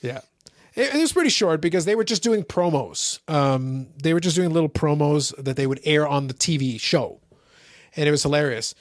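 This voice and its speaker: A male podcast host chats in a casual, teasing way. His voice is lively and swoops around, sitting a little high. The sound is dry and close to the mic. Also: moderate pace, dry recording. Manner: animated, playful, teasing. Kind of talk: casual chat.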